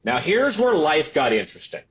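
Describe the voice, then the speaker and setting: A man in his sixties, an entrepreneur and author, telling his life story as an interview guest. He tells it in an animated way and acts out the voices of the people he quotes. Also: fairly high pitch, moderate pace, slight background noise, low-quality recording. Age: 60s.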